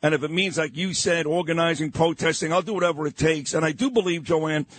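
A man hosting a talk radio show, brash, fast and emphatic. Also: a little high. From New York. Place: radio studio.

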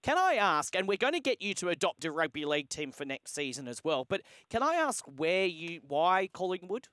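A man's voice: high voice, very animated, moderate pace, pushed and bright, clean tone, no echo. An Australian man hosting talkback radio, chatty and encouraging with his callers. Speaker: radio host. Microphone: studio microphone.

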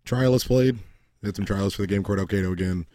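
A man's voice: on the low side, fast, dark tone, no echo, clean studio sound. A man hosting a casual sports podcast, talking bluntly and swearing freely. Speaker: podcast host. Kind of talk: casual chat.

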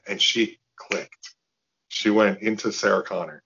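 A man guest on a video call interview, telling stories in an animated way with restarts and acted-out quotes. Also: on the low side, a little slow, gravelly, lo-fi sound. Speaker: guest actor. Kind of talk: casual storytelling interview.

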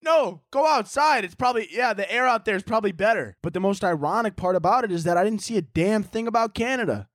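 A young man hosting a casual solo podcast from home, ranting in a profane, animated way and mocking people with quick impressions. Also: sits high, no echo, studio quality. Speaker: podcast host. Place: indoors at home.

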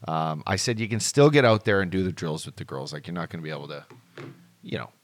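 A man in his late thirties with a very deep voice that swings widely in pitch as he talks. He co-hosts a podcast in easy, rambling chat, swearing freely as he tells stories into a studio mic. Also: expressive, quick pace. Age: 30s. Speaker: podcast co-host. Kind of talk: casual chat.

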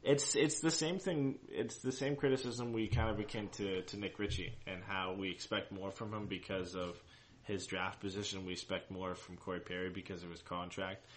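A man's voice: sits low, steady tone, normal speed, a little hiss or hum. A man co-hosting a casual fan podcast, talking in loose rambling sentences full of restarts. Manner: rambling, many restarts and fillers. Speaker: co-host of a hockey fan show.

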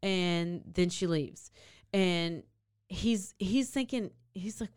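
This podcast co-host has a clean, medium-pitched voice and takes her time as she speaks. Her animated, casual telling of a true crime story includes acting out what the people said.

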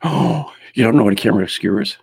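A man's voice: lowish voice, expressive, racing, vocal fry, breathy edge. A man co-hosting a casual podcast, tossing in wisecracking remarks and laughing easily. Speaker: podcast co-host.

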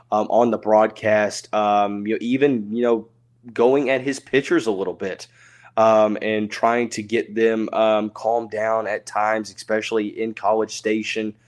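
Casual young man hosting a sports podcast. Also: lowish voice. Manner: conversational, many filler ums and self-corrections. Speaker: podcast host.

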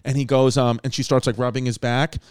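New guy in his 30s rambling thru a story, lots of likes and swearing, smooth voice. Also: mid-range voice, little pitch movement, brisk, a little mellow, no echo, clean studio sound. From Queens, New York. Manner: rambling, with many fillers and profanity. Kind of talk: casual chat, storytelling.

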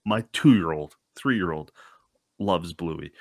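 A man's voice: sits low, animated, slow, vocal fry, dry recording, clean studio sound. A man hosting a podcast interview, chatting with enthusiasm and laughing easily. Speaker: podcast host. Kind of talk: casual interview chat.

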